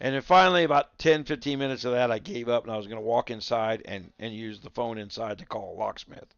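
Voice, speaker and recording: A man's voice: medium pitch, fast talker, gravelly, clean tone, no echo, muffled recording. A man streaming and casually rambling through a funny story to his viewers. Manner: rambling storyteller, chuckling, talks to his dogs. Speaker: livestreamer.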